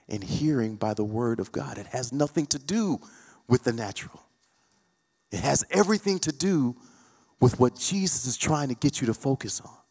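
A man's voice: fairly high pitch, long reverb tail. A man preaching a sermon, retelling a Bible story and acting out the characters' words with rising and falling intensity. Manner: retells scripture with dramatic quoted voices, rising and falling intensity.

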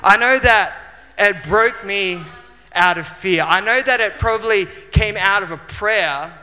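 Australian male preacher, fairly high and very bright tone, animated and restarting, church hall reverb. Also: unhurried. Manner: animated storytelling with frequent restarts. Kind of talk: sermon with personal storytelling.

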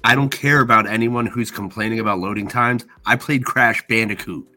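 A man with a low, bright, forceful voice chatting on a podcast. He is animated and slips into acted-out quotes while telling stories. Faint music plays behind him. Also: brisk. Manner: animated storyteller who acts out quotes. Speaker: podcast co-host. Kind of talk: casual chat.

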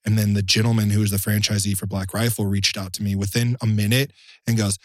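A man's voice: on the low side, level tone, fast, dry recording, clean studio sound. A man, a knife maker, telling a long story in casual podcast chat, acting out the quotes and swearing now and then.

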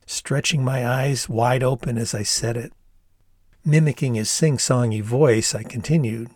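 An older man reading his own memoir aloud in a measured storytelling manner. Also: mid-range voice, steady tone, darkish tone, slightly rough, dry recording, studio quality. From Ann Arbor, Michigan, USA. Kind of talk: audiobook narration.

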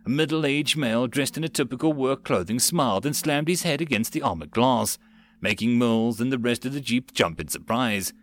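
A man reading a web novel audiobook in a plain, steady narrating manner with occasional slips. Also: medium pitch, moderate pace.

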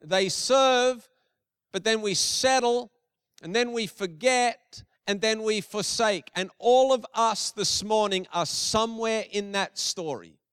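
A man's voice: sits high, takes it slowly, a bit bright, smooth, dry recording, studio quality. A middle-aged male pastor giving a conversational sermon with emphatic repetition.

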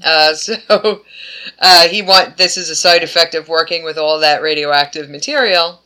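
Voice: mid-range voice, moderate pace, sharp tone. A podcast co-host in casual chat who rambles and slips into offhand character voices.

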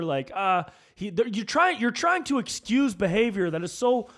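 A man hosting a podcast, ranting casually and profanely, drifting between low mumbled asides and fired-up outbursts. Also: very animated, moderate pace, hardly any pauses, a bit bright. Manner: loose and profane, peppered with "dude", jumps between mumbling and fired-up. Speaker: comedian and podcast host.

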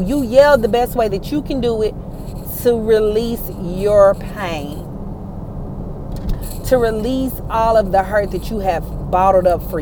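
A woman with a medium-pitched voice hosts a motivational faith talk over background noise. She speaks emphatically to her viewers and listeners, repeating phrases to rally them.

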